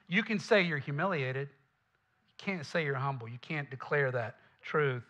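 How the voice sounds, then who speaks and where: A man with a Southern accent preaches to his congregation in a loose, conversational way, tossing asides to the room. His voice sits a little high and rings bright and forceful. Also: expressive, a little slow, muffled recording. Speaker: pastor. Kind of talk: sermon.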